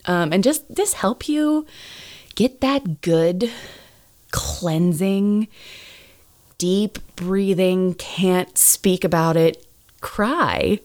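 A woman in her thirties hosting a podcast, talking in a loose, rambling way full of fillers and self-corrections. Her voice sits a little low for a woman, and she pokes fun at herself as she goes. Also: drawn-out words, pauses often, darkish tone. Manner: chatty, self-deprecating, rambling with lots of fillers and restarts. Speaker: podcast host. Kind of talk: casual chat.

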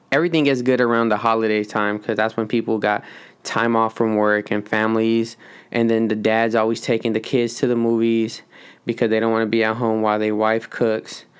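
A man's voice: mid-range voice, clear, resonant tone. Man chatting loosely about movies, profane. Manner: slangy, profane, rambling. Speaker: solo vlogger. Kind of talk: casual movie chat.

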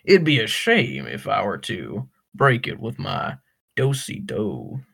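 A man's voice: lowish voice, huge pitch swings, takes it slowly, vocal fry, fairly bright tone, breathy edge, pitched below the performer's own voice, full character voice. A young man putting on a smug southern drawl. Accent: put-on American Southern.

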